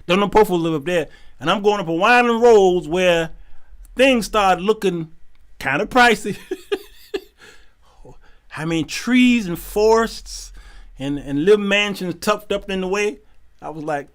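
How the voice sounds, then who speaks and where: A man hosting his show, telling a comic story, animated and laughing often as he acts out the people in it. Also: high-pitched, takes it slowly, long pauses, clear, resonant tone. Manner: animated, laughing often, acting out quoted voices. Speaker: show host.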